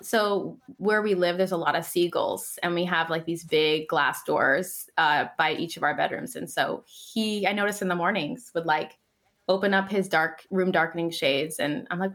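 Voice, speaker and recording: A woman's voice: fairly low pitch, normal speed, fairly bright tone. A woman in her thirties in a casual podcast conversation, telling stories animatedly and laughing often.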